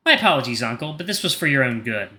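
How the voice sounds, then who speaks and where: A man's voice: medium pitch, sing-song, fast, pushed and bright, a little hiss or hum. A man voicing a stern, regal lioness queen who speaks in a cool, formal, commanding way.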